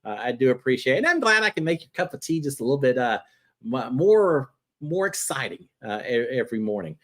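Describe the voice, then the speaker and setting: Male host, live fan-chat show, conversational, pitch jumps around a lot, middle register. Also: fairly quick. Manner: chatty and animated, jumping between topics. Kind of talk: casual live chat answering viewer questions.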